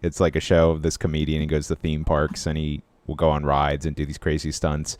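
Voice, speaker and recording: Deep, smooth-voiced young man chatting. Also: completely flat delivery, a little fast, a little mellow, no room sound. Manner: rambling, filler-heavy, easygoing. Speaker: podcast co-host. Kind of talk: casual podcast chat.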